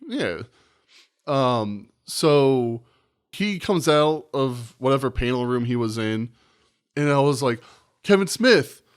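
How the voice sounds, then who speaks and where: Male podcast co-host in his thirties, casual and animated, swears freely while acting out quotes, mid-pitched voice. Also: slow pace, smooth. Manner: animated, profane anecdote-telling with acted quotes. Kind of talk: casual storytelling chat.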